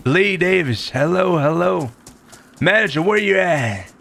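A man streaming a survival game, talking loud and excitable and swearing often. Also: high-pitched, a little slow, creaky. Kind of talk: casual gameplay streaming.

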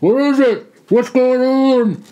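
A man voicing a panicked army colonel who shouts orders through a gas mask in a storytelling memoir. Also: extremely high pitch, takes it slowly, clean tone, pitched above the performer's own voice. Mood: frantic. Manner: frantic muffled shouting.

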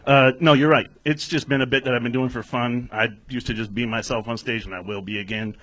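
A man in his thirties from Orange County, a comedian answering questions on a club stage, low-key and sheepish, often trailing off. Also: fairly even intonation, fairly quick, a bit bright, dry recording. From Orange County, California. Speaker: open-mic comedian. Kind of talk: casual on-stage interview. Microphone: handheld stage mic.

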